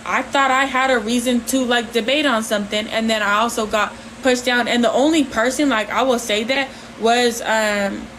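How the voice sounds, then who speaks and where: A woman hosting a livestream, talking casually in a rambling, halting way with lots of fillers. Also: on the high side, a little hiss or hum, rough recording. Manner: says she talks with her hands, animated. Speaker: livestream host.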